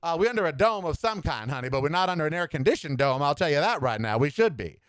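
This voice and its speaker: A man's voice: on the high side, very animated, fast, dry recording, clean studio sound. A man hosting his own podcast, delivering sassy, campy political commentary and calling listeners "honey.". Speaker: podcast host. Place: Southwest US home studio.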